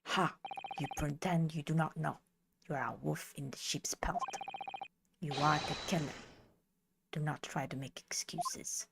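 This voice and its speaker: Soft-spoken woman reading game lines. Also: low-pitched, vocal fry, very noisy. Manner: slow, soft, often near a whisper. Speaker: streamer. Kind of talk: reading game dialogue aloud. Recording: loud game music behind.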